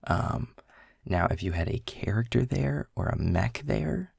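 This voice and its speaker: Man, casual boyfriend role-play, rambling explainer, low voice, dry close sound. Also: animated, unhurried, gravelly, darkish tone, slightly rough, dry recording. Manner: rambling, explaining game rules with filler words. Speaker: audio role-play creator.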